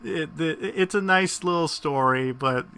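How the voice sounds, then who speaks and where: A man's voice: on the high side, measured pace, sharp tone, smooth. A man giving rambling gameplay commentary, laughing often and tripping over his words. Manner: rambling, laughing, lots of fillers and restarts. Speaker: gaming youtuber.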